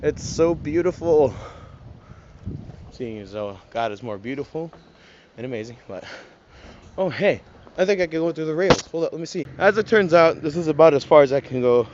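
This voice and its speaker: A man's voice: a little high, lively intonation, moderate pace, pauses often. Chatty young man vlogging outdoors by traffic. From Alaska. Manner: chatty, awed exclamations while walking. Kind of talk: casual outdoor travel vlog. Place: outdoors at a roadside scenic lookout near traffic. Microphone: phone held by the vlogger. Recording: muffled phone audio with passing traffic.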